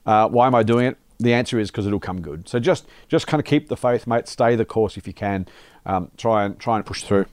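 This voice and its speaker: A man's voice: lowish voice, fairly quick, darkish tone, no echo, studio quality. An Australian man co-hosting a podcast in casual chat, matey and encouraging, calling people mate. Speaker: podcast co-host.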